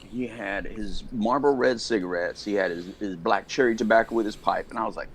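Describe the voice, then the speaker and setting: A middle-aged American man co-hosting a casual podcast chat, telling stories in an animated way and acting out the people he quotes. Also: mid-range voice, fast, a little hiss or hum. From United States. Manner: storytelling, animated, acts out quotes. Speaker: podcast co-host.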